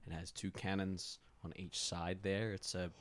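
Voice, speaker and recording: A man's voice: deep voice, little pitch movement, unhurried, fairly bright tone. A man narrating a tabletop game as game master, describing scenes loosely with many fillers.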